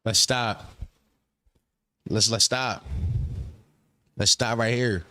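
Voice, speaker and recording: A man's voice: fairly low pitch, fairly even intonation, drawn-out words, bright, forceful tone, smooth, no echo, studio quality. A young man hosting a casual reaction stream, ranting in a profane, repetitive way.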